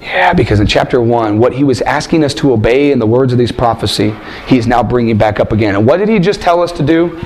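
A man's voice: medium pitch, animated, quick pace, hardly any pauses, darkish tone. A man preaching a sermon and reading scripture, emphatic, asking rhetorical questions and repeating phrases for stress.

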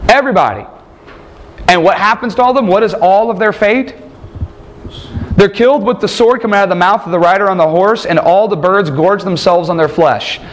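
A man's voice: high-pitched, fairly quick. A man teaching a Bible class, quizzing his students and joking between points. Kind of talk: classroom lecture with questions.

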